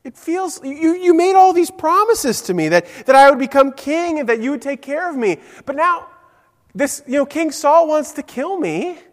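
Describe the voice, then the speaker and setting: A man voicing an anguished young man who pleads with God in halting, upset words. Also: extremely high pitch, sing-song, long reverb tail, voice pushed up. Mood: pleading, upset.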